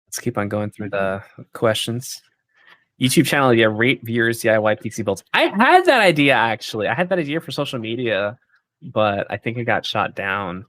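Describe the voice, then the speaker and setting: A man's voice: medium pitch, lively intonation, normal speed, a bit bright, no echo. A man hosting a casual livestream and answering viewer questions in an easygoing way. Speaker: PC company livestream host.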